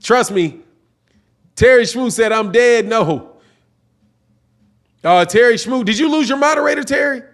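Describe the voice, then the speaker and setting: Middle-aged male stream host, high-pitched, loose and slangy, rambles through viewer comments. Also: expressive, measured pace, creaky, pauses often, a bit bright. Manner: reads chat comments aloud, slangy and rambling. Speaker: boxing channel host. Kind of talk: casual livestream chat.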